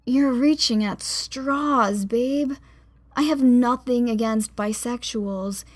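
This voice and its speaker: A woman's voice: fairly high pitch, slow. A woman narrator voicing a weary woman gym teacher who speaks in a tired, soothing and patient way. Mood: weary gentle.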